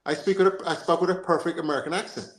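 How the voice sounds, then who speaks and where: A podcast host with a Jamaican accent races through a casual football conversation, his voice on the high side and the sound reverberant. Animated throughout, he repeats himself and frequently asks "you understand?"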